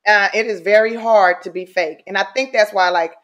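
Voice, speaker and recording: In a casual interview, a woman guest talks bluntly and candidly at a moderate pace in a medium-pitched voice, animated and salty, mimicking people as she goes.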